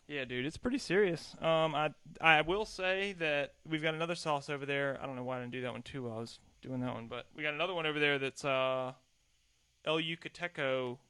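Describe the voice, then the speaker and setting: A man's voice: fairly high pitch, sharp tone, clean tone. A young adult man hosting a solo podcast, chatting in a rambling, self-deprecating way at a desk mic. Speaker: podcast host.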